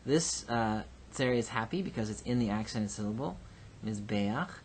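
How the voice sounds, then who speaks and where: A man teaching a recorded Hebrew grammar lesson. He explains patiently and slowly, with frequent ums and uhs. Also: lowish voice, animated, a little mellow, a little hiss or hum. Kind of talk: recorded lecture.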